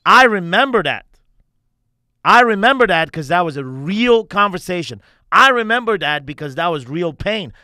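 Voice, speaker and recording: Male podcast coach, intense and profane, slightly high, dry close sound. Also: sing-song, normal speed, sharp tone, clean tone, no echo. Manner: intense, emphatic, heavy swearing. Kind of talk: candid podcast conversation.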